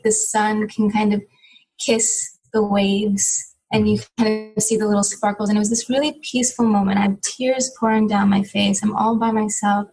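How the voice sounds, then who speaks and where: A woman's voice: mid-range voice, a little mellow, poor audio. A woman in her thirties, a guest on an interview podcast, telling a personal story in a reflective, heartfelt way, with many "you know" fillers.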